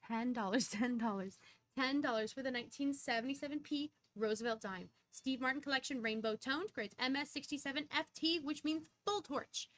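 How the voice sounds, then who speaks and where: A young woman with a high voice runs a live-stream coin auction. She rattles off prices and counts down bids in quick auctioneer patter, breaking into sudden bursts of excitement.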